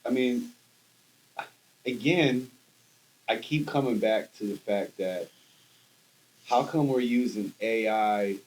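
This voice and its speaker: A man co-hosting a podcast, talking in an animated, rambling way with lots of restarts and casual slang. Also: lowish voice, slow, pauses often, slight background noise, poor audio. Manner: animated, rambling with restarts, says bro and dude. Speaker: podcast co-host. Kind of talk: casual chat.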